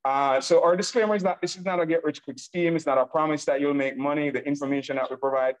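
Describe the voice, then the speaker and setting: A man with a Nigerian accent leads an online presentation over a video call. He is exuberant and repeats himself as he hypes the audience, and his voice sits a little higher than most men's. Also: fairly even intonation, fast, poor audio. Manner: exuberant, repetitive, hyping the audience. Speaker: webinar presenter.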